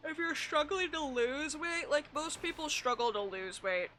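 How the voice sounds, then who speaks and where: A woman's voice: high-pitched, lively intonation, moderate pace, a bit bright. Blunt, swearing woman streamer. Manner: blunt and profane, rambling. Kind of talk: casual chat while gaming.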